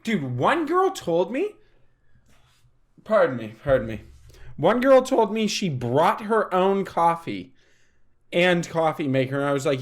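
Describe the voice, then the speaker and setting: Lively, laughing man telling stories. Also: a little high, unhurried. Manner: animated storyteller, acts out quoted people, laughs often. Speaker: podcast co-host. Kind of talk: casual chat.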